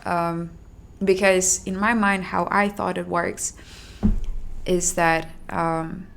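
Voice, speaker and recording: Young woman telling a personal story, low voice, lots of fry, halting and emotional. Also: little pitch movement, noisy background. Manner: halting, emotional recounting with restarts and soft sighs.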